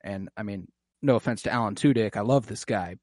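A man's voice: fairly low pitch, a little fast, a little mellow, dry recording, clean studio sound. A young man casually recapping an episode on a podcast, acting out characters' lines in a raised voice. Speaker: podcast co-host recapping a TV series. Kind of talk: casual chat.

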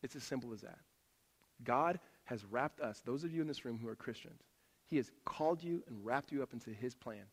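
A middle-aged man preaching a sermon, telling stories and swinging from loud animated bursts to hushed asides. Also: mid-range voice, a little fast, breathy edge. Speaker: pastor. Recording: long reverb of a hall.

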